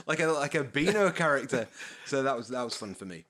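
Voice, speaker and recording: A man with a Yorkshire accent, a podcast guest telling relaxed, laughing stories in casual chat. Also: on the high side, brisk, a little hiss or hum. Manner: laid-back storyteller, laughs often, swears.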